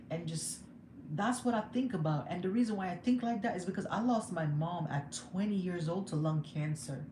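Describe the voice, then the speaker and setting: Young woman venting on a phone stream, lowish voice, echoey room with hiss behind. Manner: emotional, candid, laughs often. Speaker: vlogger. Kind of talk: casual livestream chat. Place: home room. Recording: echoey room with background noise.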